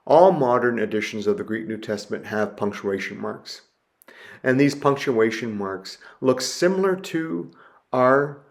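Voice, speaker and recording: Guy teaching greek in a video lecture, slow, says each word twice, gravelly kinda low voice. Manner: slow and deliberate, repeating each word to model pronunciation; frequent fillers and restarts.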